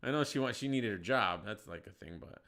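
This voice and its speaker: A man telling a story in casual podcast chat, animated and profane, getting loud when he acts out shouting. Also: on the low side, brisk. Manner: profane, slangy. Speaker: podcast host.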